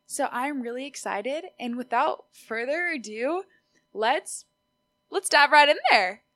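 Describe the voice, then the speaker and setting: A woman's voice: sits high, lively intonation, unhurried, a bit bright, dry recording, clean studio sound. A woman, whose was Spanish, hosting her own podcast in a bubbly, chatty, upbeat way. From Austin, Texas. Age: 20s. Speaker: podcast host. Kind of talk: solo podcast monologue.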